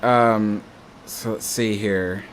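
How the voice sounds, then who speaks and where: A man's voice: on the low side, steady tone, very slow, slight background noise. A man hosting a live stream, chatting casually and reading viewer comments aloud with frequent ums. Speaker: livestream host.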